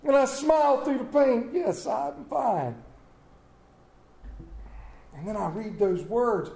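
A man preaching a sermon as pastor, impassioned and swinging from loud to hushed. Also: very high-pitched, lively intonation, normal speed. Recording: echoey church room.

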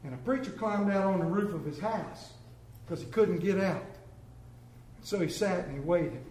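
A man's voice: high-pitched, animated, moderate pace, a little mellow, slight background noise. A man preaching a sermon, telling folksy, exaggerated stories in a church. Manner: folksy storytelling with comic exaggeration. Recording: echoey room.

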